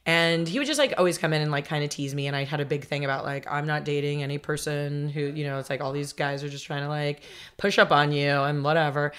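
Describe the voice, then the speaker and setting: A woman in her forties with a notably low voice tells her story as a podcast guest. She talks fast and chatty, packing her sentences with "like", and drifts into voiced quotes of what people told her. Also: steady tone, fairly bright tone, clear, resonant tone. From Los Angeles, United States. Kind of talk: casual interview storytelling.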